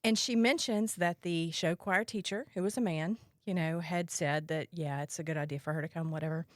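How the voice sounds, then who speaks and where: A woman's voice: fairly low pitch, fairly even intonation, fairly quick, dry recording, clean studio sound. A woman hosting a podcast, telling a personal story in a candid, wry way with a casual chat style. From Mississippi, US. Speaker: podcast host.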